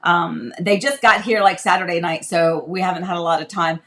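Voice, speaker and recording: A middle-aged woman hosting a casual livestream from her home office desk, chatty and quick to laugh. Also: on the low side, fairly even intonation, a bit bright. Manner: chatty, laughs often, coos to a toddler. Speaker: livestream host.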